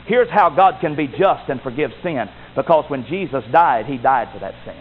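A man preaching a sermon with emphatic delivery, rising to loud exclamations and dropping to low asides. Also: animated, normal speed. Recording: tinny phone-like sound with faint noise.

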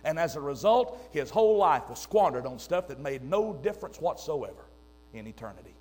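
Older man, preacher, high voice, emphatic sermon, loud then hushed. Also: sing-song, a little fast.

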